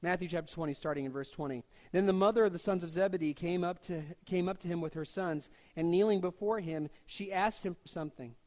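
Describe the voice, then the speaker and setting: Man preaching a lively, joking sermon. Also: sits high. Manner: conversational, joking preaching with quick voiced asides. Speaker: pastor.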